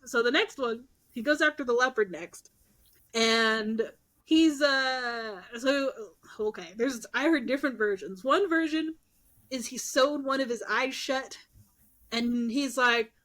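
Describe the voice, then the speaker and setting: A woman's voice: on the high side, a little slow. A young woman co-hosting a podcast, casually retelling myths and acting out the characters' lines. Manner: animated, acts out characters' lines with swearing and laughs. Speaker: podcast co-host. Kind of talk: casual storytelling chat.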